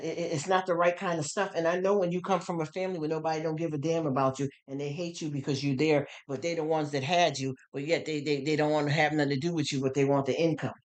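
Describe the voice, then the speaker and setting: Blunt, emphatic middle-aged woman streamer. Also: sits low. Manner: blunt, raw and emphatic, with many repeated words. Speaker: live streamer. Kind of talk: casual live stream monologue, reading comments.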